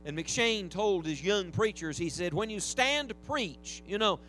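A fairly high-voiced man preaching a revival sermon in a church. He builds to emphatic, exclaiming peaks and slips in light humorous asides between points. Soft instrument music plays faintly underneath. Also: lively intonation, a little slow. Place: church sanctuary.

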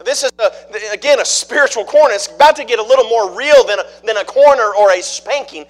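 A middle-aged pastor with a high-pitched voice delivers a sermon. He keeps it conversational and stops to ask people in the pews questions. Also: quick pace. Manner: conversational preaching, asks the congregation questions.

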